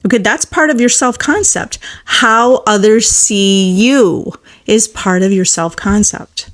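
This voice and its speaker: A woman's voice: medium pitch, takes it slowly. Woman, manifestation coach, live-stream, encouraging, repetitive affirmations, casual fillers. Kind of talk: live-stream coaching, answering viewer comments.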